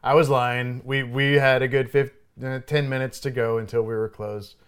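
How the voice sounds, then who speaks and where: A young adult man, a bartender, telling a story in casual chat, swearing freely and loudly acting out what he said. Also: medium pitch, normal speed, smooth. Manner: animated, swears freely, loudly acts out his own quoted lines.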